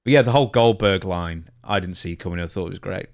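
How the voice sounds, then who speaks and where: Male podcast co-host, lowish voice, enthusiastic casual delivery. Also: quick pace. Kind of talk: casual chat.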